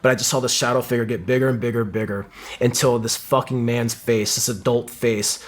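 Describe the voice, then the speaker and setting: A man's voice: medium pitch, fairly even intonation, fairly quick. A middle-aged man, a former Marine sniper, telling a vivid combat story in casual talk, with lots of swearing and acted-out quotes. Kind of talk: casual war story in an interview.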